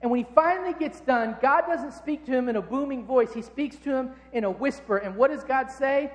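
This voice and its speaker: A man's voice: very high-pitched, brisk, hardly any pauses, long reverb tail, slight background noise. A man preaching a sermon in a casual, conversational, jokey way.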